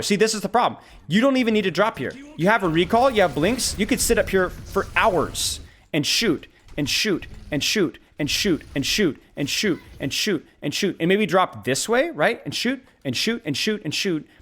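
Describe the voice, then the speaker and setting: A man coaching a player live over a game replay, excitable and animated, talking in bursts with lots of repetition. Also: sits high, a little hiss or hum. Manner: animated, excitable, talks fast in bursts with repeated phrases. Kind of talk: live-streamed gameplay coaching.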